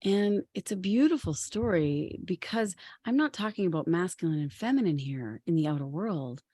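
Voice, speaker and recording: A woman podcast co-host retelling a legend in a lively, chatty way. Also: fairly low pitch, normal speed. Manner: lively, chatty, many "you know"s. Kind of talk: casual storytelling.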